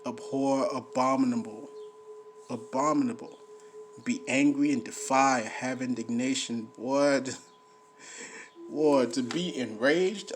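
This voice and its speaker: A man giving an informal scripture teaching, repeating phrases for emphasis and swinging between loud preaching and low, muttered reading. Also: slow, a little hiss or hum. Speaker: bible teacher.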